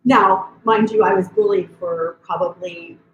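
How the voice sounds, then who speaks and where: A woman's voice: medium pitch, unhurried, echoey room, lo-fi sound. A woman who is a podcast guest, telling stories in casual conversation and acting out what she said to her kids. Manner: animated storytelling, acting out her own quotes.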